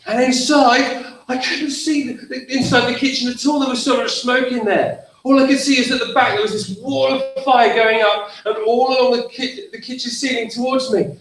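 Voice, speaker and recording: A theatre workshop leader with a very high voice and a moderate pace, barely pausing, performs a story for children and lively directs their actions and call-and-response. The school hall sound is echoey, the mic distant, with faint background noise.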